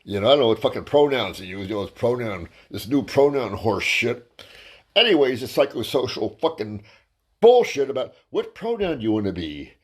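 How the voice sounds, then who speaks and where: A man's voice: medium pitch, sing-song, normal speed. A man, a stand-up comedian, telling a crude, rambling story in a ranting style and tripping over his words. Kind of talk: profane comic storytelling monologue.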